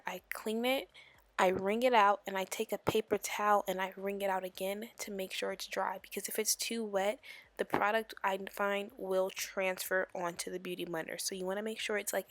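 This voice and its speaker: A young woman speaking a chatty makeup tutorial voiceover in a loud whisper, late at night at home, full of "like" fillers. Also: mid-range voice, no room sound. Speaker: beauty vlogger.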